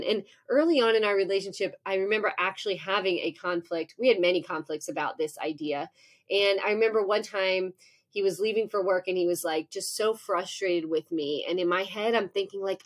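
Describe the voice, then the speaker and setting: A woman in her forties, a professor guest in an interview, telling a lively personal story and acting out her own thoughts. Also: medium pitch, normal speed. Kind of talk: conversational interview.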